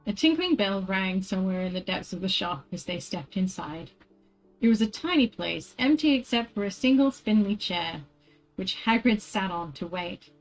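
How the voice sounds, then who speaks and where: A woman reads a book aloud to her stream at an ordinary middle pitch. She often trips over a word, restarts and apologizes before carrying on. Faint music runs quietly in the background. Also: rough recording. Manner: stumbles over words, corrects herself and apologizes. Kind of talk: casual read-aloud on stream.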